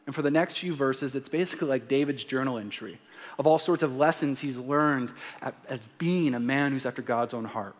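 A man's voice: mid-range voice, a little fast. A man in his thirties preaching a sermon, reading scripture aloud with emphasis and adding playful asides. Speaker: pastor. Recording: long hall reverb.

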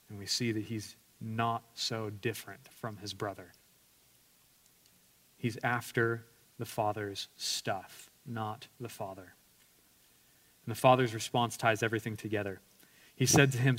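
A man's voice: lowish voice, fairly even intonation, unhurried, long pauses, a bit bright. A male pastor preaching an earnest sermon, telling personal stories with self-deprecating humor and frequent restarts.

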